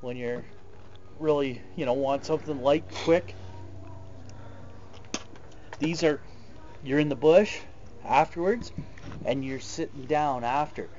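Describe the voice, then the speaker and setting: A man's voice: a little high, takes it slowly, pauses often, darkish tone. Rambling middle-aged man in a chat. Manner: rambling, storytelling. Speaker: host's father. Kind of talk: casual chat. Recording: dull lo-fi sound with faint background noise.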